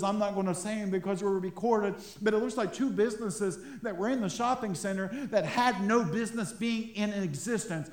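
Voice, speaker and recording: A man's voice: high-pitched, echoey room. A man preaching a sermon as pastor, talking in a conversational way and chuckling between points.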